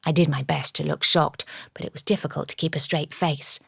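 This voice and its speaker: A woman narrating a first-person audiobook in a measured, even storytelling manner. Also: low voice, creaky, slightly rough, no room sound. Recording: dry studio audiobook.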